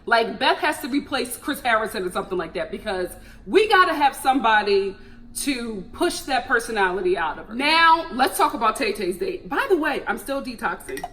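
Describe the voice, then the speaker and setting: A young woman chatting animatedly through a TV recap, breaking into laughs and jumping high in pitch for emphasis. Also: expressive, normal speed, fairly bright tone. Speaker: TV recap vlogger.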